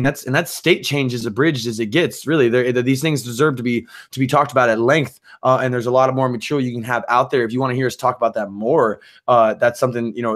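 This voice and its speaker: Rambling, thoughtful male co-host. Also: medium pitch. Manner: rambling, many restarts, builds to excitement. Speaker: podcast co-host. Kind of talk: casual explanatory talk.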